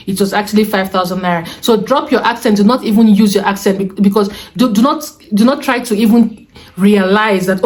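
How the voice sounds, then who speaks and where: A young woman with a Nigerian accent giving advice in a casual vlog from a room at home, animated and chatty with Pidgin asides. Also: mid-range voice, fairly quick. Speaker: vlogger. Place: room at home with the windows closed.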